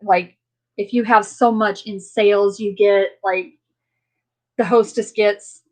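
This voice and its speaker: A woman's voice: mid-range voice, fairly even intonation, takes it slowly. Woman, live-stream host, friendly and rambling, answering her viewers and chatting casually. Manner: rambling, chatty, many fillers; warm, friendly toward viewers.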